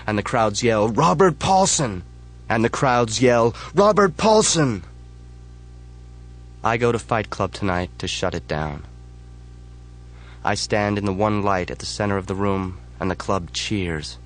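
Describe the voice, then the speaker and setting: A man reading a first-person audiobook in a measured, flat delivery. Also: fairly low pitch. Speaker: audiobook narrator.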